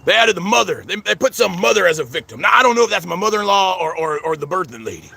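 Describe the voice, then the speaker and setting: Fast-talking gravelly man, stammering. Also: high-pitched, very animated, sharp tone. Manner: repeats 'friends' constantly, stammering restarts. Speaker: vlogger. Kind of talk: rambling personal vlog. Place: outdoors at a cemetery.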